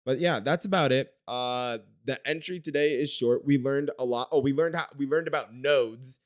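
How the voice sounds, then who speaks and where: A man's voice: mid-range voice, normal speed. A man in his late twenties telling rambling, self-deprecating stories in a casual video diary, swearing freely. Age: late 20s. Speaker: vlogger. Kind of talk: casual personal vlog storytelling.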